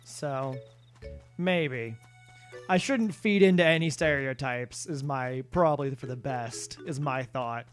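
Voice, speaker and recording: A man's voice: medium pitch, slow pace, soft background music. A man live-streaming a video game, chatting casually with viewers in a rambling, self-deprecating way. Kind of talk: casual live-stream chat while gaming.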